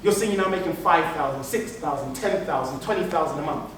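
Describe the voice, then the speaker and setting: A man giving an animated motivational business keynote, repeating phrases for emphasis. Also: on the high side, fast. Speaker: keynote speaker. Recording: echoey hall, mic from far off, faint noise.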